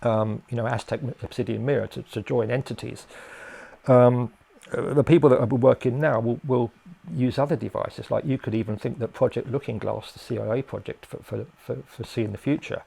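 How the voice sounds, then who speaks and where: A man's voice: medium pitch, steady tone, a little fast, creaky, warm tone, breathy edge. An older man from England, a guest in a casual interview, who rambles and hesitates with many fillers and restarts.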